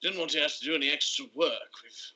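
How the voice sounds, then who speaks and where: A man's voice: a little high, fast, pushed and bright, poor audio. A man playing a tabletop game in a playful, jokey way. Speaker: player. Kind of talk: casual tabletop play.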